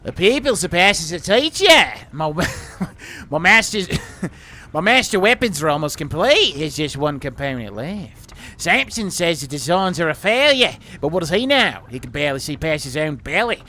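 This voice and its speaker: A man's voice: on the high side, sing-song, normal speed, bright, forceful tone, voice pushed up. A man putting on a boastful Australian apprentice. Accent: put-on Australian. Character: ambitious young male apprentice, boastful and scornful.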